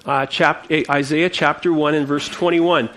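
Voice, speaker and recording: A male pastor preaching a sermon, passionate and expressive, often repeating words as he goes. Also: on the high side, normal speed. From United States.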